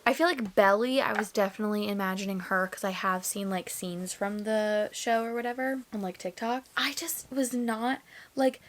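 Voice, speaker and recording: A woman's voice: mid-range voice, normal speed, hardly any pauses, a little hiss or hum. A young woman chatting casually in a reading vlog, gushing and filling her talk with "like". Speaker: book vlogger.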